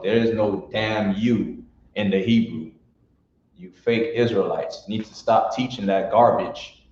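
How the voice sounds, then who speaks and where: A man teaching a classroom lesson on pronunciation, sounding out syllables one by one in a blunt, informal way. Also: on the low side. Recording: echoey room from far off, dull lo-fi.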